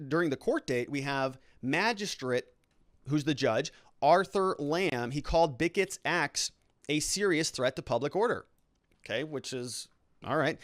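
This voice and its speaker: A man's voice: fairly high pitch, a bit bright, no room sound, studio quality. Sarcastic man doing legal commentary. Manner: conversational, sarcastic asides. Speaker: lawyer commentator.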